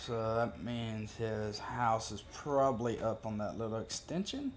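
A man's voice: lowish voice, animated, unhurried, slight background noise. A man giving casual, profane gameplay commentary as a gaming video creator, joking and talking to himself as he plays.

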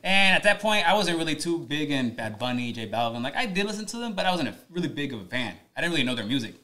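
Fast bright-voiced young man hosting. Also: a little high. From Mexican-American, raised in the US. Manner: fast, energetic, mixes English and Spanish with swearing. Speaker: radio host, podcast host. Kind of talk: casual podcast chat.

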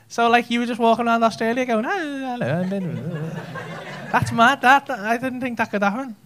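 A man's voice: extremely high pitch, fairly quick, a bit bright. A man with a Scouse accent doing stand-up crowd work on a comedy club stage, bantering cheekily with the audience and swearing freely. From Liverpool, England.

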